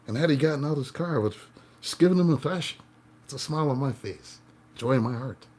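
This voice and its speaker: Speaking fast and animatedly at medium pitch, a man who works as a tarot reader and life coach spins a playful story for his viewers. His volume jumps between loud and hushed, with frequent laughter.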